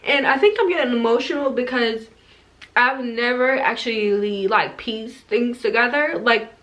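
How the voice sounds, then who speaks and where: A young woman with a slightly high voice tells a personal story straight to her camera. She talks casually, leans on "like" a lot, and lets raw feeling come through. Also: unhurried, fairly bright tone. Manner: casual, heavy use of "like", emotional and tearful in places. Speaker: vlogger. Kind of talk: story time vlog.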